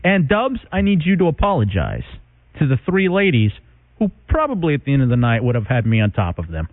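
A man's voice: medium pitch, huge pitch swings, brisk. A man hosting a radio show, brash and teasing, laughing often through the banter. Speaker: radio host. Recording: narrow phone-like radio broadcast.

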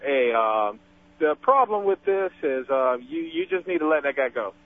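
A man's voice: mid-range voice, big pitch swings, normal speed. A male caller on a radio call-in show giving earnest, direct advice. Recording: tinny phone line.

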